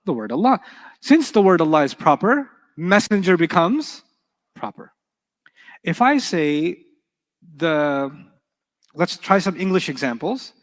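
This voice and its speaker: A man teaching an Arabic grammar class, lively and animated, often checking with his students. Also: fairly high pitch, in a large hall.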